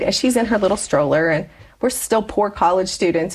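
A woman in her forties, a guest telling personal stories in a chatty, animated way with frequent laughs. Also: mid-range voice, moderate pace, slightly rough. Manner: chatty, animated storyteller who laughs often. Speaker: interview guest. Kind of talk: personal storytelling in conversation.

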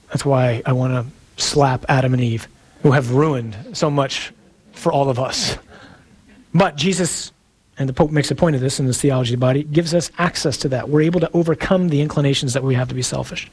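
A man preaching a sermon in a conversational, playful way, pausing for emphasis. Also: mid-range voice, a little mellow, husky.

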